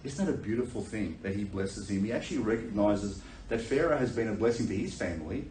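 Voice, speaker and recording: A man preaching a sermon, telling a Bible story in a lively way and acting out the characters with laughter. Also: on the low side, fast, slight background noise. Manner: animated storytelling, acts out voices with laughter. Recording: echoey room, voice from a distance.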